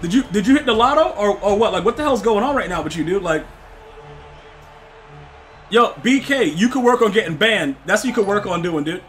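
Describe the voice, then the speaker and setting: A brisk, high-pitched young man livestreams a football video game with soft music in the background. He's excitable and slangy as he chats with viewers, frequently repeating his words.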